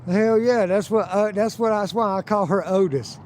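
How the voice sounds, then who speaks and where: A man's voice: sits high, normal speed, darkish tone, slight background noise, poor audio. Profane rambling man on an outdoor stream. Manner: profane, rambling storyteller who acts out quotes. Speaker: live-streaming vlogger. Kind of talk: casual live-stream vlog, walking outdoors. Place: outdoors by a river and town streets.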